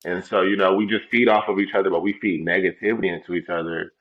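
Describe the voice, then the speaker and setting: A man's voice: sits low, fairly even intonation, quick pace, roomy sound, dull audio. A young man co-hosting a casual podcast, talking in a loose, laid-back way and swearing freely. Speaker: podcast co-host. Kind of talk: casual chat.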